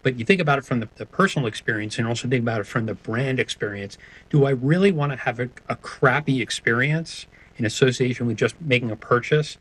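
Man, husky voice, interview guest, hesitant, conversational. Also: medium pitch, quick pace, fairly bright tone, low-quality recording. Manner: hesitant, with many restarts and fillers. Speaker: sonic branding guest.

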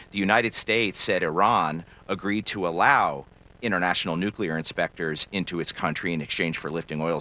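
A man moderates a political news panel in a crisp, scripted broadcast manner. His voice sits low and deep, with a bright, forceful edge. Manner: crisp, scripted delivery that hands questions to panelists. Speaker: news show host.

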